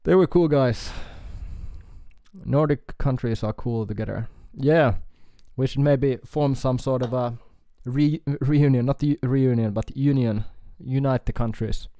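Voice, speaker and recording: A man from Finland with a Finnish accent, chatting casually on a live stream with halting speech, fillers and chuckles. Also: medium pitch, steady tone, dark tone, dry recording, studio quality. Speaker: guitar YouTuber streaming.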